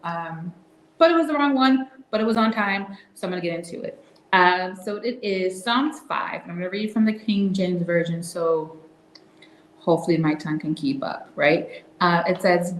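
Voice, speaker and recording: Soft-spoken woman with a roomy echo. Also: on the low side, expressive, normal speed. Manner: soft-spoken, reflective, drops into whispers. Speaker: host. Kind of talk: casual devotional talk.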